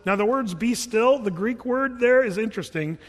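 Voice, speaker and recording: A male pastor delivers a sermon in a relaxed, conversational manner, stumbling and restarting as he goes. His voice sits high for a man. A long reverb trails each phrase, as if recorded in a large hall. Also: a little fast. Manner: casual, chatty preaching with many restarts.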